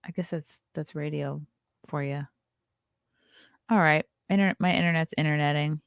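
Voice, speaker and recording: The recording is muffled with no room sound, carrying a woman's low, smooth, steady voice at normal speed. As host of a casual morning livestream, she chats, reads headlines aloud with sarcastic asides, and occasionally whispers.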